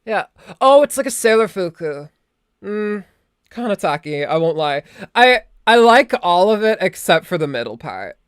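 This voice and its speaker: A woman's voice: medium pitch, sing-song, moderate pace, clear, resonant tone, no echo. A young woman live-streaming in a loose, rambling chat, cursing offhand as she talks. Her voice sits mid-range and comes through a close microphone with a dry, dead sound and no room around it. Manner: rambling, chatty, swears casually. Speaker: VTuber streamer.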